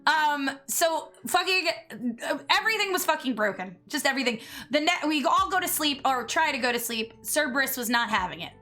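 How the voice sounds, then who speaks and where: A woman streamer telling a story in casual chat, animated, laughing and swearing often. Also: high voice, fast, few pauses.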